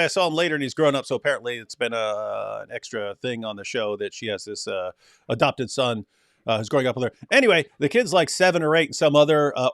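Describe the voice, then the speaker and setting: A man's voice: mid-range voice, a bit bright, no echo, studio quality. A man hosting a casual livestream, telling rambling, sarcastic anecdotes. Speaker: host.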